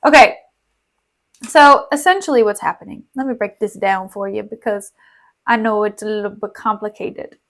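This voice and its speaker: A woman's voice: medium pitch, moderate pace, a bit bright. A young woman streamer reading a play aloud with casual, slangy, giggly commentary.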